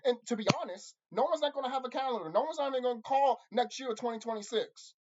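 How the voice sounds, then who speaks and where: A channel host speaks quickly in an angry, profane monologue, repeating himself and insulting his viewers, his pitch and loudness swinging wildly. The recording is dull and lo-fi, with a noisy background.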